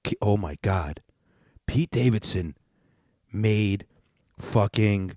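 A man's voice: fairly low pitch, slow, long pauses, darkish tone, no room sound, studio quality. A man hosting a podcast, ranting casually and comedically, profanely and in rambling bursts. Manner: profane, rambling, with frequent restarts. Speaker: podcast host.

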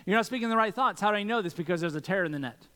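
Pastor, male, preaching earnestly with rhetorical questions, slightly high voice, long church-hall reverb. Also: animated, rapid-fire, bright, forceful tone. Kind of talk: sermon.

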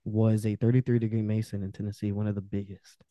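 A young man, a podcast guest, telling candid personal stories with intensity, swearing freely and swinging between loud outbursts and quiet trailing-off. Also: fairly low pitch, level tone, fast talker, dry recording, highs cut off. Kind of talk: candid personal storytelling in conversation.

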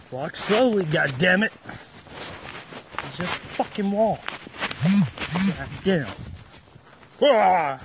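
High-voiced swearing man, outdoors. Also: expressive, very slow, long pauses. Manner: gruff, swearing, commanding. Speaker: animal trainer. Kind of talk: casual talk to an animal. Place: outdoors in the countryside. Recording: noisy outdoor recording.

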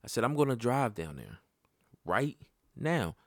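A man hosting a podcast, telling a personal story in casual, profane talk that climbs sharply in pitch when he gets worked up. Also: unhurried, vocal fry, no echo, studio quality. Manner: animated and profane, voice jumping up when heated. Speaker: podcast host.

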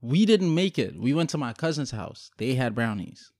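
A man chatting casually, telling relaxed family stories with frequent pauses and ums. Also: medium pitch, dry recording, studio quality. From Guyanese family. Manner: laid-back storytelling with frequent ums. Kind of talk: casual chat.

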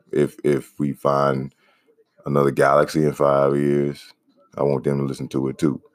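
A man hosting a casual podcast, rambling in a laid-back way and giving shout-outs to listeners. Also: a bass voice, dry recording. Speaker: podcast host; comedian.

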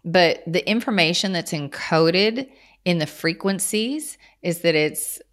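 The guest is a Kansas woman and channeler, talking casually in an interview. Her fairly low voice is a bit bright and measured in pace, and she explains her ideas with earnest small restarts.

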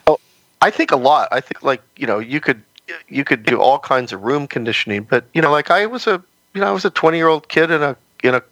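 A man's voice: on the high side, animated, fairly quick, fairly bright tone, no room sound, poor audio. A man guesting on a podcast, chatting casually and rambling with plenty of "you know" fillers. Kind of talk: casual interview chat.

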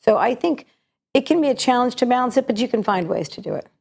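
A middle-aged woman, an actress and cabaret singer, talking as a guest in a radio interview, her voice slightly gravelly today, telling stories in a chatty, reflective way with many restarts. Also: fairly high pitch, lively intonation, quick pace, a little mellow.

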